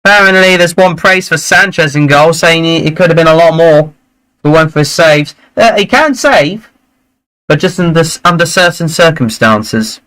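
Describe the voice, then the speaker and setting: A man hosting a live football watchalong, chatting and reacting excitedly to the play. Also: fairly high pitch, normal speed, rough recording. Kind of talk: live match commentary and chat.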